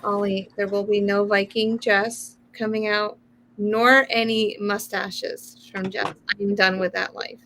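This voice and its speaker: A man's voice: high voice, level tone, measured pace, gravelly, bright, forceful tone, slight background noise, poor audio. A man chatting casually on a sewing stream, playful, slipping into mock-announcer asides. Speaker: regular on a sewing chat stream. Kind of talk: casual group chat.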